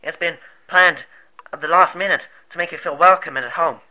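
A man's voice: a little high, brisk, sharp tone, poor audio. A man voicing an earnest male rebel group leader who explains things at rambling length, in an amateur movie.

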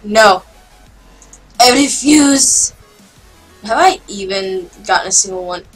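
A woman giving casual gameplay commentary as a channel host, excitable and self-mocking, with quick outbursts. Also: mid-range voice, creaky, breathy edge, soft background music.

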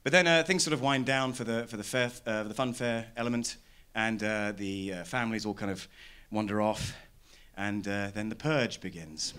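A man from London performing a stand-up comedy set in a small arts venue, telling stories deadpan and building to loud rants. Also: lowish voice, moderate pace.

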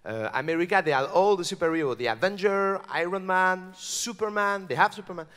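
Bright-voiced Parisian French comedian. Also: male voice, high-pitched, fairly quick, clean tone, big-room sound. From France. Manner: animated, playful. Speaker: stand-up comedian. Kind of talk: stand-up comedy set. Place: comedy club stage.

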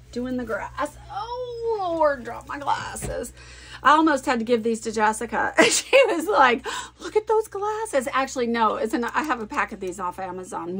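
A woman chatting casually while she works on a scrapbook layout at home. She is animated, thinks aloud and laughs often. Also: fairly high pitch. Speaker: scrapbooking vlogger. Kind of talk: casual chat while crafting.

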